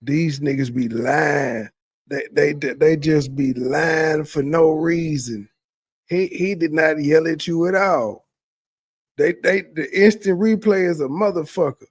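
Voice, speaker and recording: A man's voice: fairly high pitch, expressive, slow pace, gravelly, husky, no room sound, clean studio sound. A male streamer giving blunt, profane running commentary on video clips. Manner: blunt, profane, talks back at the footage. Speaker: streamer reacting to bodycam videos. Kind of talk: casual commentary.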